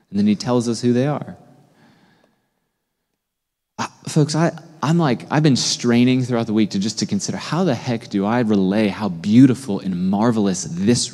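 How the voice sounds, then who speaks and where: A man preaching a sermon as a pastor, in a conversational, animated way, often asking his listeners questions. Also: medium pitch, long reverb tail. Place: church sanctuary.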